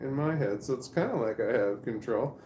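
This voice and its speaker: A man talking casually to camera in a rambling, halting way, with restarts and swearing. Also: medium pitch, lively intonation, darkish tone, a little hiss or hum. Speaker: vlogger. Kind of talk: casual spoken monologue to camera. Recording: roomy echo.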